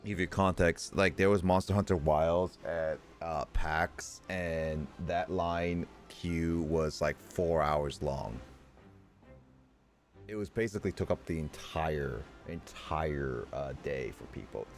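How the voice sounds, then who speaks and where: A man's voice: rumbling low, slow, faint music behind. A young man streaming a game, chatting casually and rambling between reading lines aloud. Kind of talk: casual let's-play commentary.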